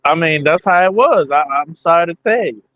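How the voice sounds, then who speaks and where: A man's voice: a little high, expressive, brisk, sharp tone, dry recording. A man joining a casual podcast chat, laid-back and joking. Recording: slightly dull lo-fi sound.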